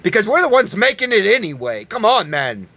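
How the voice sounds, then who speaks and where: A man giving an angry, profane religious rant, yelling at his listeners. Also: sits high, very animated, a little fast. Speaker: online preacher.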